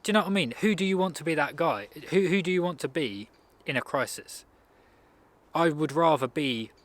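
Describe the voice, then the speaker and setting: A man's voice: medium pitch, fairly bright tone. Man giving a rambling motivational talk. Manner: rambling, conversational, frequent restarts. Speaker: self-improvement speaker.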